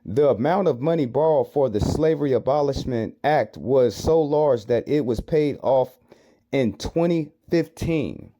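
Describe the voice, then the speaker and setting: A man's voice: mid-range voice, lively intonation, unhurried, mellow. An American man giving reaction commentary on clips, arguing with rhetorical questions and repeated phrases.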